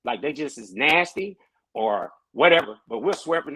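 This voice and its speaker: A man who is a pastor, talking in a casual podcast discussion with animated, preacher-like storytelling. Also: fairly high pitch, fairly quick, breathy edge, dry recording, low-quality recording.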